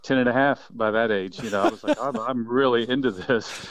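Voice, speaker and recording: A man's voice: medium pitch, brisk, no echo. Enthusiastic fifty-something man telling stories. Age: 50s. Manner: enthusiastic, animated storyteller who laughs often. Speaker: quail biologist and researcher. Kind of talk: casual interview chat.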